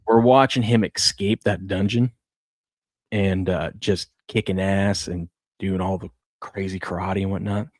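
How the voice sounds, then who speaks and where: A man's voice: low voice, fairly even intonation, measured pace, dry recording. A man in his thirties co-hosting a sports talk show, chatting casually and laughing as he tells family stories. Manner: storytelling, laughs often, acts out his kids' voices. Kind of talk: casual chat.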